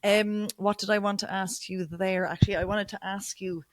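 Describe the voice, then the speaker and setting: A woman's voice: medium pitch, level tone, no room sound, studio quality. Chatty Irish woman hosting a podcast. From Ireland. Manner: chatty, swears casually, quick asides. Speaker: podcast host. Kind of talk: casual interview chat.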